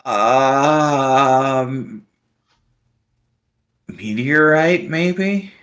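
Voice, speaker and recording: Very slow-talking man player. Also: mid-range voice, fairly bright tone, smooth. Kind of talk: playing a tabletop game.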